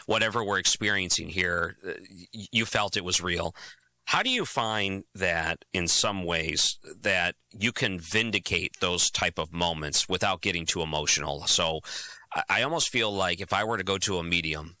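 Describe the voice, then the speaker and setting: A man's voice: low-pitched, normal speed, pushed and bright, dry recording. A man hosting a radio talk show, asking thoughtful questions in a conversational way. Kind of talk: radio interview.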